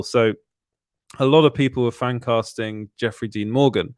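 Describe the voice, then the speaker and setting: A man's voice: medium pitch, normal speed, darkish tone, no echo. Chatty man, dry close mic. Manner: enthusiastic, rambling with restarts. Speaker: podcast co-host. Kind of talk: casual chat about films.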